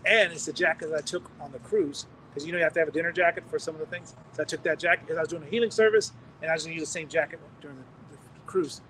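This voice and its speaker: High-voiced man preaching from a distance. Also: rapid-fire, few pauses, fairly bright tone. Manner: storytelling, acting out quoted voices. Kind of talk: sermon testimony. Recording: distant mic with faint noise.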